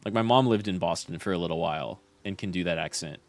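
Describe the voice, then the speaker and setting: A man's voice: low-pitched, fast. A young man streaming a game and chatting casually, rambling with lots of fillers and restarts.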